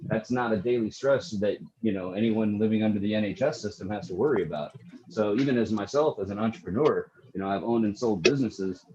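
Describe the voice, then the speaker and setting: An American entrepreneur joining a casual video-call chat, speaking earnestly and steadily. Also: male voice, fairly low pitch, brisk, mellow. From United States. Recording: lo-fi call audio with faint noise.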